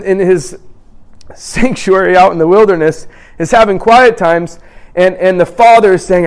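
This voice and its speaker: A man preaching a sermon in an animated way, acting out scripture scenes in different voices. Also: sits high, moderate pace.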